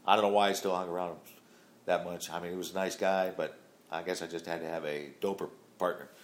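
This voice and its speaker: Man, middle-aged, deep low voice, casual rambling storytelling, lots of fillers. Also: steady tone, fast, slight background noise. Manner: rambling, plain-spoken, many fillers. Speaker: father telling his life story.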